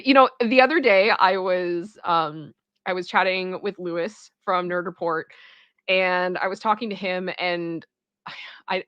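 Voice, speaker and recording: A woman with a Toronto Canadian accent hosts a livestream, chatting casually with her chat and rambling along with restarts and small asides. Her mid-range voice is a bit bright, captured in a dry recording with dull audio.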